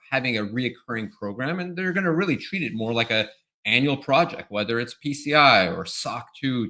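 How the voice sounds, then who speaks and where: Bright-voiced man explaining compliance steps. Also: mid-range voice. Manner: explanatory, tags points with "right?". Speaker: compliance expert guest. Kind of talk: webinar interview answers.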